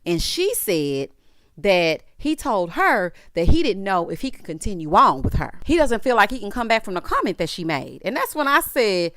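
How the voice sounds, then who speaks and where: A woman's voice: medium pitch, fairly bright tone, no echo, studio quality. A woman giving a casual, opinionated recap of a reality show with a sassy, direct delivery, speaking straight to the people on screen.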